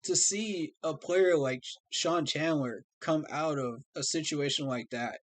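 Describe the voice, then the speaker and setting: A man talks straight to his livestream viewers, earnest and heartfelt, tacking "man" onto his sentences. His voice sits a little high for a man. The sound is dry and close, with no room echo. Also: unhurried. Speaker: fan streamer host. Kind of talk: livestream talk to fans.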